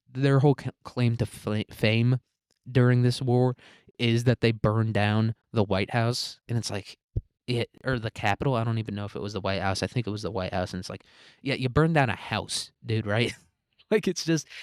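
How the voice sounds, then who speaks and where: A man's voice: medium pitch, normal speed, no room sound, clean studio sound. A young man in his twenties, rambling crudely through a casual ranking chat with lots of filler words and laughter.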